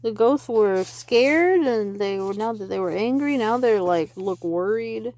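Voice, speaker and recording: A woman reads a children's picture book aloud in a slow, unhurried way, her pitch leaping about as she narrates. She drops into soft asides about the pictures between passages. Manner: animated, breaks into excited voices and soft whispered asides. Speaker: reader.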